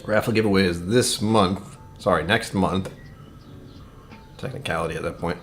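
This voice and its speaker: A low-pitched man chats his way through a casual whiskey tasting on stream. He rambles, mutters to himself and often drops to a near-whisper. Soft music plays faintly behind him. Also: normal speed. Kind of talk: casual livestream chat.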